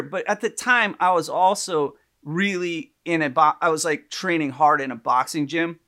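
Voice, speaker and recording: High, bright-voiced animated man. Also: moderate pace. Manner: animated storyteller, acts out quoted people in loud shrieks. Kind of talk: casual storytelling chat.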